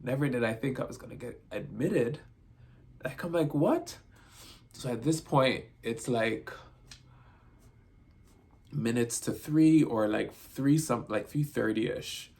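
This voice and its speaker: A man's voice: mid-range voice, takes it slowly, gravelly, long pauses, darkish tone. A man vlogging a casual storytime, rambling through his retelling and leaning on constant "I'm like" to report what was said.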